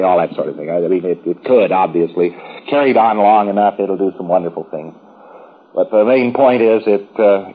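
A man's voice: lowish voice, husky, narrow, tinny audio. A man giving a rambling, folksy, informal lecture to trainees, with wry asides.

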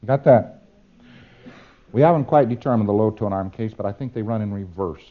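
A man's voice: lowish voice, brisk, narrow, tinny audio. A man giving a demonstrative lecture, acting out exchanges with playful repetition.

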